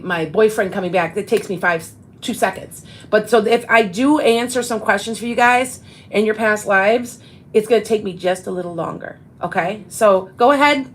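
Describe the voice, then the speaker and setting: A woman's voice: medium pitch, fairly bright tone, poor audio. A woman in her fifties, a psychic medium hosting a casual live show, talking in a rambling way with many restarts. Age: 50s. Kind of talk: casual live-stream chat.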